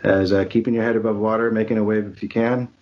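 A man's voice: fairly low pitch, flat delivery, quick pace, muffled recording. Dry, wry podcast man. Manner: dry, self-deprecating, wry. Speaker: podcast co-host. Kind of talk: comedic podcast banter.

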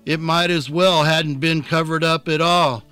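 A man narrating an audiobook chapter in a calm, unhurried storytelling manner. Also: a little high, clear, resonant tone, faint music behind.

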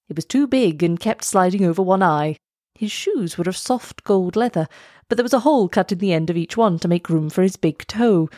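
A woman reads a storybook aloud, measured and expressive, slowing down to build tension. Her voice sits at a middle pitch, and the sound is close and dry. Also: no echo.

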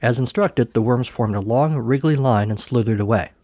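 A man narrating a comic story in a dry, deadpan manner, shifting his pitch for each character. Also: moderate pace, no room sound. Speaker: podcast host reading a story.

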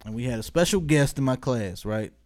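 A man telling a story in casual chat with friends, animated and swearing, often breaking into laughter. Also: mid-range voice, brisk.

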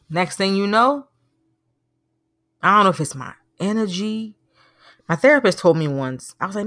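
A woman's voice: mid-range voice, lively intonation, moderate pace, pushed and bright, dry recording, studio quality. A woman hosting a podcast, giving an earnest, preachy motivational talk and telling stories with animation. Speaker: podcast host. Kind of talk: motivational monologue.

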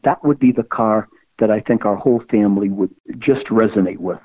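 A male guest talks earnestly at an even pace over a tinny, phone-like line. The sound is dry and close. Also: fairly low pitch, brisk, breathy edge, dry recording. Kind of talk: casual interview chat.

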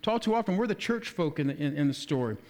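A pastor with a high-pitched male voice delivers a relaxed, conversational sermon. He reads a passage, then explains it in plain talk. He drops into quick acted-out voices for the people in the story. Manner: conversational preaching, acts out quoted voices.

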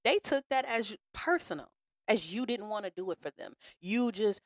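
A woman hosting a podcast in a casual monologue, frank and slangy, acting out other people in an animated way. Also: medium pitch, normal speed, no echo, studio quality. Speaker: podcast host.

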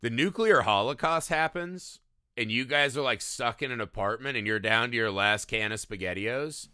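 A man's voice: mid-range voice, moderate pace, pushed and bright, no room sound, clean studio sound. A man co-hosting a casual film discussion, loose and profane, who keeps tagging his points with "right?". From small-town America. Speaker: podcast co-host.

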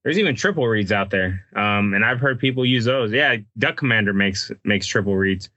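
A man chatting casually about hunting calls, halting and repeating himself as he restarts his sentences. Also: lowish voice, animated, sharp tone, dry recording, lo-fi sound. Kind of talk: casual chat about duck calling.

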